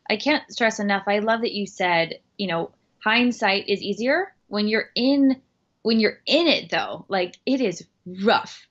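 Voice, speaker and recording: A woman chatting as a podcast guest, earnest and emphatic, with lots of fillers and restarts. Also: medium pitch. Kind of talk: casual interview talk. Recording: dull lo-fi recording.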